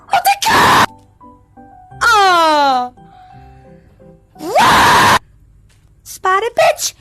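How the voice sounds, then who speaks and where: A woman playing a VR game and yelling brash, profane commentary, often breaking into meows. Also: very high voice. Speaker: VR gamer. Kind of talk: let's-play commentary. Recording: audible background noise.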